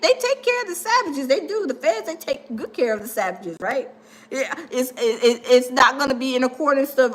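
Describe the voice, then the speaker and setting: Reading out viewer comments on her livestream, a woman performs the quoted people in different voices while chatting in a casual, animated way. She has a high-pitched, slightly bright voice.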